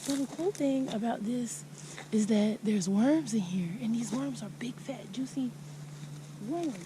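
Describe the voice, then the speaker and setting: Woman farmer, unhurried and chatty, recovering from flu with a cough, recorded outdoors on a handheld camera. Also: on the high side. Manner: chatty, talks straight to viewers. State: getting over flu, coughing; out of breath. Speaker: farmer vlogger. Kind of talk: casual vlog narration. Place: outdoors on a farm. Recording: loud outdoor noise.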